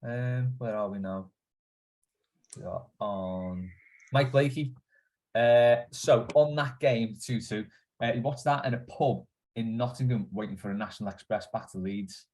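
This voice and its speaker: Man, mid pitch, podcast host; casual, reads out mailbag questions, laughs easily. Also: a little slow, darkish tone. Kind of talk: casual football chat.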